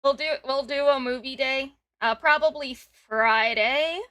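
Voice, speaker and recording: A woman's voice: high voice, fairly even intonation, unhurried, pushed and bright, no echo. A woman in her twenties hosting a casual stream, giggling often and reading chat messages aloud. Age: 20s. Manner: giggly, talks over guest. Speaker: streamer host.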